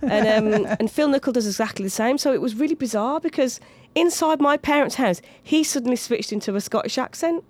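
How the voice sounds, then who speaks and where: A woman's voice: fairly high pitch, brisk, few pauses. A woman in her thirties, a comedian guest, chatting casually and telling anecdotes with lots of put-on voices. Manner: animated storytelling with mimicked voices.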